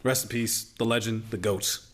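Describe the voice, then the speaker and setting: A man's voice: on the low side, fairly even intonation, moderate pace. An American man with a Southern accent, co-hosting a casual sports chat in an easygoing, teasing way. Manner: easygoing, teasing, urges others along. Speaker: co-host.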